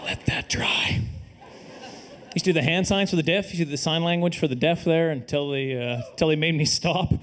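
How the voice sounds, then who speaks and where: Middle-aged Canadian stand-up, dry self-deprecating wit, high-pitched voice, faint room hum behind. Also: male voice, a little fast. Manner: dry, self-deprecating delivery with sudden loud put-on voices. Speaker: stand-up comedian. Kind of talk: live stand-up comedy set. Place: comedy stage before a live audience.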